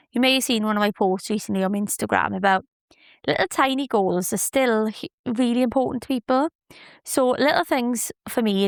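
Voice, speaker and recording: A woman's voice: a little high, no room sound, studio quality. Chirpy woman chatting on a podcast. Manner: chirpy, chatty, laughs often. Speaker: podcast host. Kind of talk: casual solo podcast chat.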